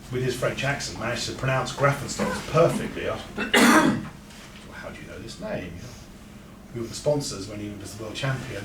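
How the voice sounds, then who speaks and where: A man giving an informal, anecdotal talk to an audience, with frequent restarts. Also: mid-range voice. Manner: chatty, anecdotal, with stammered restarts. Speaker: speaker at a breeders' talk. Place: event room with an audience. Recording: echoey room, mic far off, background noise.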